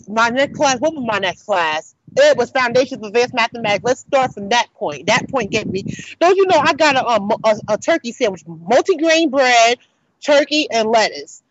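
Young woman ranting on her podcast, high voice, swears a lot, dry dull mic. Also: moderate pace, no room sound. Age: young adult. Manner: rambling, animated, swears freely. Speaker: podcast host. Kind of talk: casual storytelling monologue.

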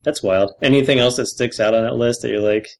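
A man's voice: mid-range voice, steady tone, fairly quick, creaky, poor audio. Male co-host, wry teasing tone, easygoing podcast chatter. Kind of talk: casual podcast banter.

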